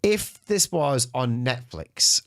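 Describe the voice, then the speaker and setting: A man's voice: medium pitch, expressive, slow pace, fairly bright tone, no echo, clean studio sound. A man co-hosting a podcast in casual chat, ranting and repeating his words as he goes. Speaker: podcast co-host. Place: podcast studio.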